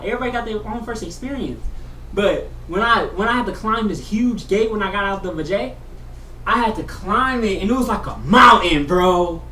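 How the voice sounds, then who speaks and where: Slangy vlogger rambling a story, bright bouncy voice, kinda far from the mic in an echoey room. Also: mid-range voice, normal speed, slight background noise. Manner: slangy, keeps saying "bro"; swings between mumbling and loud excited bursts. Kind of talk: casual storytelling vlog.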